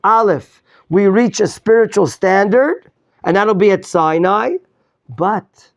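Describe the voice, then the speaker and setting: A man's voice: high-pitched, expressive, takes it slowly. A male rabbi teaching a Torah class, quizzing his students, repeating his questions and mixing in Hebrew terms. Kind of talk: interactive Torah lesson.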